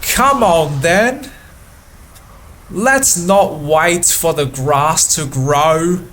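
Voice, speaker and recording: A gruff bus driver with a thick British accent, as a man puts him on, brusque and impatient. He talks higher than the speaker's usual voice and barks out his words. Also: extremely slow, fairly bright tone, slight background noise. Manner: brusque, hurrying people along.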